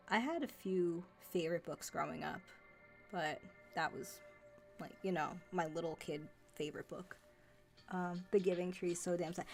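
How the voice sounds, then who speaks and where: Chatty young woman with low voice. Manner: rambling, many fillers and restarts. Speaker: livestream host. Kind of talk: casual chat.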